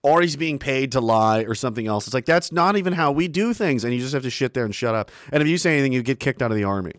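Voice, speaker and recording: A male streamer rambling in casual chat, profane and self-mocking. He speaks from close to a mic on an arm, with a dry sound and no room around it. His pitch sits in the middle for a man. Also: animated, fast, no room sound. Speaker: live streamer. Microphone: close studio mic on an arm.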